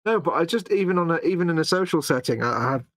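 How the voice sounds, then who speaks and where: A well-spoken English man with a faint Manchester accent, co-hosting a casual chat with quick, self-deprecating humour. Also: on the high side, lively intonation, no echo. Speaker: co-host. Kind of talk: casual late-night chat.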